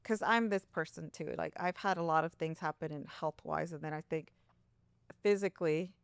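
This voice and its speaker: Chatty woman with a lowish voice. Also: normal speed, gravelly, clean tone, no room sound. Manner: chatty, animated, laughs often, quotes herself in a higher voice. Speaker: podcast co-host. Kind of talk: casual chat.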